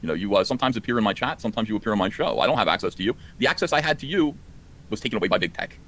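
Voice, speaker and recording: A man's voice: lowish voice, animated, very fast, fairly bright tone. A man reacting to clips on a live stream, exasperated and ranting, his voice climbing when indignant. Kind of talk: heated live stream commentary.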